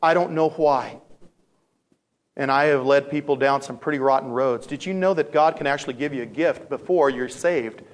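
A male pastor preaching a sermon in an animated storytelling manner, acting out voices and repeating phrases for emphasis. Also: medium pitch, moderate pace.

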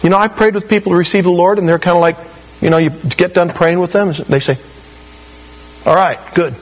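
A man's voice: high-pitched, fast, poor audio. A man preaching a sermon, telling stories with animation and acting out the voices of the people he quotes. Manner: animated storytelling, acts out quoted voices, laughs at his own stories. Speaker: pastor.

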